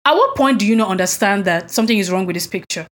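Fast and animated, this woman's mid-range voice has a bit of brightness. As a podcast co-host in casual conversation, she recounts events indignantly, hammering her points with rhetorical questions.

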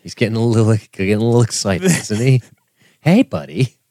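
A male co-host on a podcast talks through a TV episode in casual conversation, full of laughter and free swearing. His fairly low, dark-toned voice is sing-song and brisk. The clean studio recording has no room sound.

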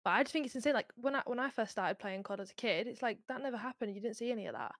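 A woman's voice: fairly high pitch, dry recording, studio quality. A young woman, a student co-host, chatting upbeat and chatty in a casual interview. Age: young adult. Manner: chatty, upbeat, quick talker.

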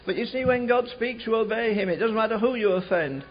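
Fervent older male preacher, husky and high. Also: fairly quick. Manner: fervent, builds to shouting climaxes. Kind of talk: storytelling sermon. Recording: dull lo-fi archive recording.

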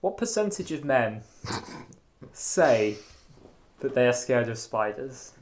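A man's voice: medium pitch, big pitch swings, takes it slowly, a little hiss or hum. Male co-host, mid-range voice, hesitant, lots of ums. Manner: hesitant, thinks aloud with many ums. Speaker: podcast co-host. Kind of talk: casual chat.

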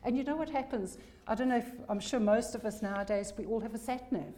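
A woman's voice: fairly high pitch, fast talker, warm tone. A woman preaching a sermon, emphatic, repeating key phrases for weight.

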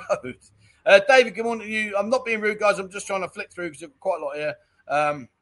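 A man's voice: sits high, fairly bright tone. A middle-aged man hosts a casual livestream chat show, reading out viewer comments and chatting in a jokey way. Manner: chatty and jokey, with frequent "mate" and "um".

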